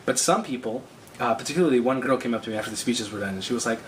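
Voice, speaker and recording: A man's voice: medium pitch, very fast, distant mic, a little hiss or hum. A young man telling the story of his own prank in a joking, comic vlog narration.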